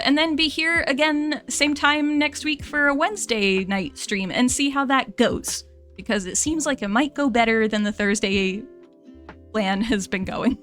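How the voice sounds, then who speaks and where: A woman's voice: a little high, a bit bright. A young American woman streamer, chatting casually to her viewers, rambling and laughing and correcting herself as she goes.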